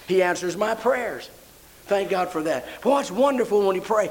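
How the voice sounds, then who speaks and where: An older man preaches at normal speed with lively intonation, the recording rough. Telling a story, he grows fervent and rises into praise full of high emotional exclamations.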